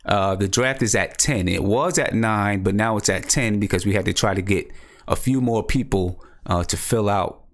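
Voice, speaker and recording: A young man hosting a casual fan live stream, talking excitedly, repeating himself and answering viewers in the chat. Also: on the low side.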